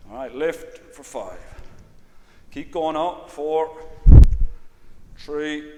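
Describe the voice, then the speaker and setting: A man's voice: fairly high pitch, drawn-out words. Man cueing exercises, reverberant room. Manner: calm, repeats "all right" often, cues breathing and counts reps. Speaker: exercise instructor. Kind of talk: exercise class instruction. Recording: long reverb, faint background noise.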